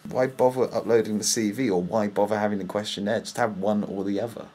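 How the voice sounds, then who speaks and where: A young British man vents to camera in a loose, rambling way, plainly exasperated. His voice sits low and has a husky edge. He talks casually, piling up complaints. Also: fairly even intonation, fast talker, mellow. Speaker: vlogger. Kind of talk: casual ranting monologue.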